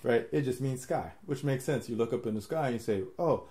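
A man's voice: mid-range voice, fast talker, dark tone. A man hosting a podcast, rambling through his ideas in casual chat, laughing often and swearing freely. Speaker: podcast host.

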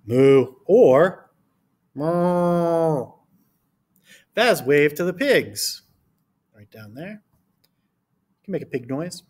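A man reads a picture book aloud for young children, his voice bouncing through a wide, lively range. He sits a little high for a man and talks straight to the kids with patient, simple instructions. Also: slow pace, pauses often, slightly rough. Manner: lively storybook reading with character voices; gentle, instructive, talking directly to children. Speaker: teacher. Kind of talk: read-aloud lesson for children.

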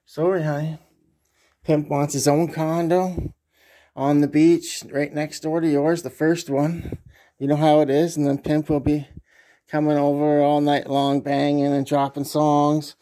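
A man's voice: on the high side, level tone, a little slow, mellow. A man chatting casually to his pets, switching between cooing baby talk and crude jokes. He refers to himself in the third person.

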